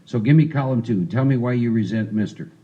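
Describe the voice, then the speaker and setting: Guy leading a recovery group talk, relaxed warm tone, dull lo-fi recording. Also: medium pitch, fairly quick. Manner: coaching volunteers through a role-play, conversational. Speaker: recovery workshop speaker. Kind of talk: interactive recovery workshop talk.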